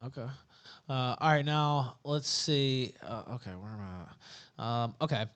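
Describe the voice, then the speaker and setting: Bright-voiced male stream host. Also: mid-range voice, unhurried, dull audio. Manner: loose, reads viewer questions aloud with filler. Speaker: livestream host reading chat questions. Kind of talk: casual livestream chat.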